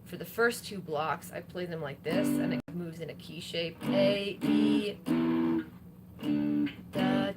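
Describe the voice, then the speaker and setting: A woman singer-songwriter with a lowish voice chats casually between songs on a live stream, talking at a moderate pace with hardly any pauses. She rambles with lots of fillers while playing guitar in the background.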